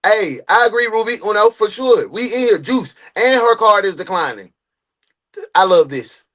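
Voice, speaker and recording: A man hosts a live true crime reaction stream from a home setup, reading chat aloud and tossing in loud, animated asides. His voice sits high and swings widely in pitch. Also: normal speed. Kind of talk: casual live stream commentary.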